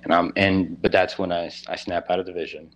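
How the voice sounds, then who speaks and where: A man casually telling a personal story in a rambling, halting way, full of "you know" and "like". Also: sits low, flat delivery, rough recording.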